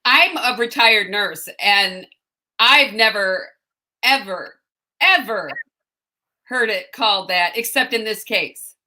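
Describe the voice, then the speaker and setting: A woman's voice: mid-range voice, measured pace, bright, forceful tone. An older woman, a retired nurse co-hosting a livestream, chatting in a blunt, indignant, wry way. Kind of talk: casual chat.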